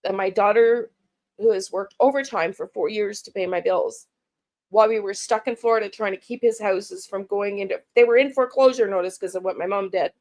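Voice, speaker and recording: A middle-aged woman from Canada hosting a true crime channel, talking through personal frustrations in a halting, emotional way, with restarts, repeated words and blunt, casual swearing. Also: mid-range voice, a little mellow. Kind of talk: personal vlog monologue.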